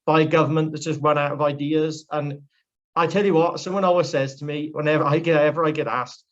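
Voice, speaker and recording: A man's voice: fairly high pitch, little pitch movement, fast talker, dull audio. A young man from Wales, a politician talking bluntly and at length in a casual interview, prone to little rants. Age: young adult. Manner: outspoken, ranting, blunt.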